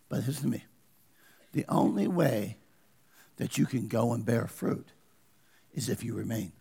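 A man's voice: medium pitch, vocal fry, a little mellow, slightly rough, in a large hall. A man preaching a sermon as pastor, asking his congregation questions and pressing his points. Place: church.

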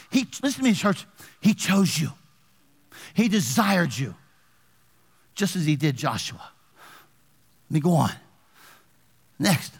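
A man preaching in a high, lively voice that swoops up and down. He keeps firing questions at the congregation and reads scripture aloud. His voice rings out in a church with a long echo. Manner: animated preaching with call-and-response questions to the congregation. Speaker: pastor. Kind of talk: sermon. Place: church sanctuary.

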